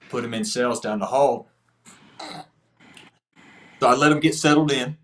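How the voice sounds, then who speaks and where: A man, a podcast guest telling an earnest testimony story in casual, slangy speech. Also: mid-range voice. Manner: earnest, slangy prison storytelling with quoted dialogue.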